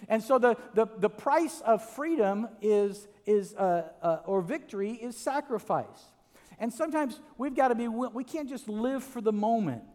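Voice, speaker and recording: A male preacher giving a lively sermon, telling stories with restarts and frequent "right?" asides. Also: extremely high pitch, normal speed, in a large hall. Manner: animated storytelling with many restarts and "right?" asides.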